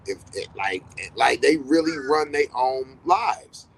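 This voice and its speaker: A man's voice: medium pitch, measured pace, gravelly, a little hiss or hum, rough recording. A middle-aged man hosting a podcast, talking casually in a blunt, profane way and hammering points with repetition. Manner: animated storytelling with quoted dialogue. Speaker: podcast host. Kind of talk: casual monologue.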